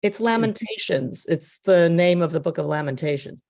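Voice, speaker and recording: A woman in a study class, joining by video call, reading aloud slowly and carefully. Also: fairly low pitch, lively intonation, vocal fry, darkish tone. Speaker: class participant.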